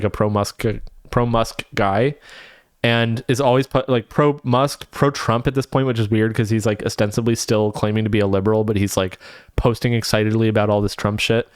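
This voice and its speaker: A man's voice: medium pitch, clear, resonant tone, no echo, clean studio sound. A man streaming live, reacting with profane, laughing, rambling commentary.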